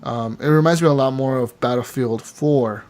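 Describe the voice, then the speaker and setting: A man telling game stories on a casual gaming podcast. He talks with loose, excited energy and swears freely, tossing in "dude" and "man" as he goes. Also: medium pitch, moderate pace. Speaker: podcast co-host.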